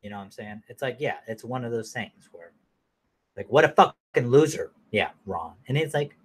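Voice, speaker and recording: A man ranting casually to camera in a blunt, profane, rambling way, now and then mocking people in a high falsetto. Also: expressive, normal speed, breathy edge. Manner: mocks others in high falsetto. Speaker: vlogger.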